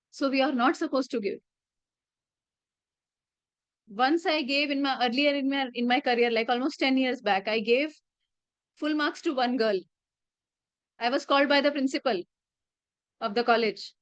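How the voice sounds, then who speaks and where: A woman's voice: high-pitched, normal speed, long pauses, dry recording. A woman in her late thirties with an Indian accent, a teacher telling classroom anecdotes in a chatty way and mixing in Hindi phrases. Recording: slightly muffled dry recording.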